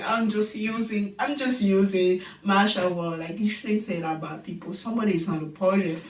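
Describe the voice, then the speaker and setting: Animated woman in an echoey room. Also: mid-range voice, fairly quick, slight background noise. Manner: animated, exclaiming, many rhetorical questions. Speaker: TV show reviewer. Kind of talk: casual reality-TV recap. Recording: echoey room, distant mic.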